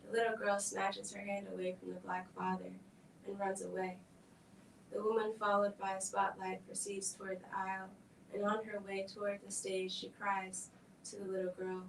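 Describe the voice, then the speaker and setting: Woman reading a script aloud at an event, level flat delivery, echoey hall, mic far away. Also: mid-range voice, gravelly, a little hiss or hum. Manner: measured, level narration. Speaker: reader at a film event. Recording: echoey room, distant mic.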